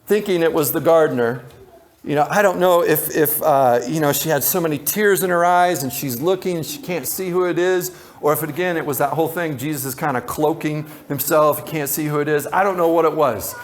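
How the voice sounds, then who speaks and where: A man's voice: fairly high pitch, a little fast. A man who is a pastor, preaching a sermon in a loose, conversational way with tangents and repeated words.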